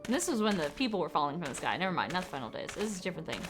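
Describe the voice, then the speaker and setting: A woman streamer giving casual, excitable, wry commentary while she plays a video game. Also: fairly low pitch, racing, over music. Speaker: gaming streamer.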